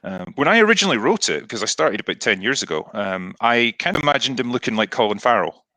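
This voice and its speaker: A man's voice: mid-range voice, very animated, fast talker, sharp tone, no room sound, rough recording. A man being interviewed as a film reviewer, talking in a thoughtful, reflective way. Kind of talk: casual interview talk.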